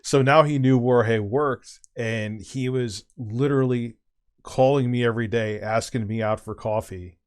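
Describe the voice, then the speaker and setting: Chatting casually on stream, a middle-aged host spins out a long story full of swearing and false starts. His mid-range voice is smooth and moves at a normal speed.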